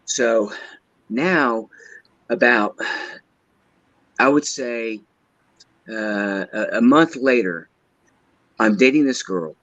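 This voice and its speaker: A man telling a personal story as a guest, halting and hesitant, often repeating his words. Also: medium pitch, fairly bright tone, no room sound. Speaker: guest caller. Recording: dull lo-fi line.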